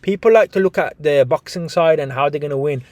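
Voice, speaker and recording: A man's voice: on the high side, brisk, darkish tone, dry recording. A young man giving a casual boxing breakdown, chatty and full of restarts, calling his viewers "guys". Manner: chatty, repeats "guys", frequent restarts and swearing. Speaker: boxing analyst.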